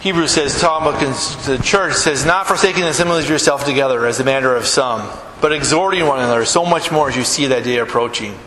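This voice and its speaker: A man's voice: medium pitch, fast talker, few pauses, sharp tone. A middle-aged man preaching a conversational sermon to his church, often asking the congregation "right?" as he talks. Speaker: pastor. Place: church hall. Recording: echoey hall with room noise.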